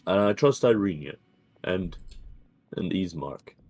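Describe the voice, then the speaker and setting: A man's voice: low-pitched, animated, a little slow, a little mellow, no room sound. A man playing a tabletop game online, speaking in character in a hesitant, stammering way. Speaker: player.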